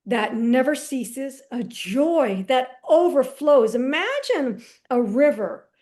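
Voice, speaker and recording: High-voiced woman telling her story. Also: takes it slowly. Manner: animated storyteller who acts out dialogue; casual, with slang and restarts. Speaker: podcast guest. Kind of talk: personal testimony in casual conversation.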